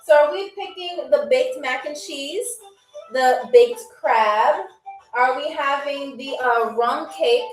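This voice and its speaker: A woman's voice: sits high, takes it slowly, echoey room, recorded from a distance, faint music behind, rough recording. A woman hosting a live-stream game show, playful and chatty, talking straight to her viewers.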